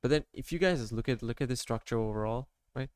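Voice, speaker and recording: A man's voice: medium pitch, quick pace, a little mellow, smooth, no echo. A man talking viewers through his trading charts in a loose, casual screen-share tutorial, rambling and peppering his talk with "like", "okay?" and "right?". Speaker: amateur trader showing his charts.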